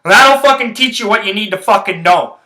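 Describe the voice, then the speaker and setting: A man's voice: high-pitched, animated, fairly quick, sharp tone. Man, podcast host, casual sports rant, profane, rambling, heated, echoey room.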